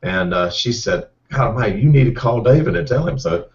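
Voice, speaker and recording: A middle-aged race car driver, telling a rambling, folksy story with repeated words. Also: male voice, medium pitch, lively intonation, moderate pace. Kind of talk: casual storytelling. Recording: distant, muffled mic.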